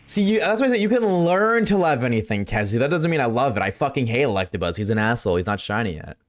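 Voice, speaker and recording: Male game streamer at a desk mic, mid-range voice, casual and profane, bouncing between high and low registers while talking to chat. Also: sing-song, fast, soft background music. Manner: loose and profane, chatting with viewers, jumps between high and low voice. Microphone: desk microphone.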